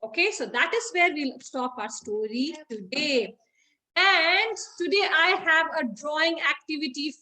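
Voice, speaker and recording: A woman's voice: high-pitched, sharp tone, low-quality recording. A woman, teaching children by retelling a story in a chatty way, with many fillers and questions to the class.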